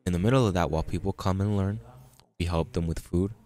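This pastor's voice sits low and moves fast, with a darkish tone. His conversational sermon mixes scripture read aloud with everyday stories, and he sometimes restarts what he's saying.

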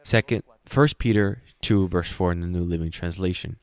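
A man preaching a sermon as pastor, reading scripture slowly and breaking into sudden loud, emphatic passages. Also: low-pitched, dry recording. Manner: reads scripture aloud slowly and stresses it.

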